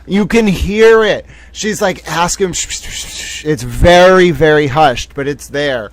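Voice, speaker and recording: A man hosting a livestream, commenting excitedly and profanely on clips he plays back, often repeating himself. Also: fairly high pitch, slow pace. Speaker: livestream host. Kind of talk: casual commentary on played clips.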